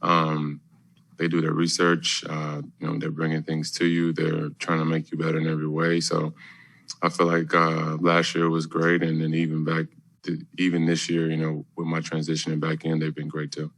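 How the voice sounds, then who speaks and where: Deep gravelly-voiced man, halting and laid-back. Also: completely flat delivery, fairly bright tone. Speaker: basketball player at press conference. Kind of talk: press conference answers.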